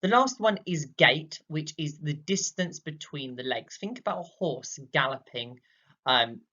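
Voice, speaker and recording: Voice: medium pitch, expressive, a little slow, pushed and bright, dull audio. A drama teacher giving a recorded lesson, explaining patiently with many fillers and acting out examples.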